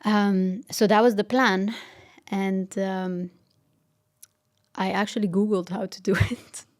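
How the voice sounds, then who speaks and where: A woman's voice: medium pitch, steady tone, slow. A woman as a podcast guest, telling a personal story in an earnest, reflective way, sometimes dropping almost to a whisper. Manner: earnest, reflective, drops to a near-whisper at tender moments.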